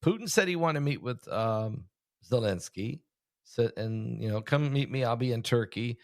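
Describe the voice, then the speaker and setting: A man hosting a casual conversation as a preacher, chatty and questioning, often pausing with fillers. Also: medium pitch, lively intonation, a little mellow, no room sound, studio quality. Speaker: host, preacher.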